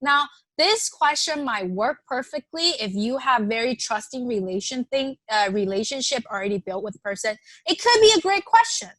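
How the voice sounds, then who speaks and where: A woman leading an online workshop, talking casually, reading participants' suggestions aloud and warmly affirming them. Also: fairly high pitch, very animated, moderate pace, few pauses, no room sound. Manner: conversational, with frequent fillers and restarts. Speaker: workshop presenter.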